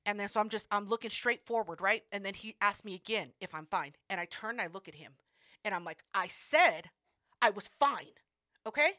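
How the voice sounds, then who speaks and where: A woman co-hosting a podcast, telling a story in an animated, profane way and acting out what people said. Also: mid-range voice, fast, no echo, clean studio sound. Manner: animated, profane, acts out quotes. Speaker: podcast co-host. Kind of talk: casual storytelling.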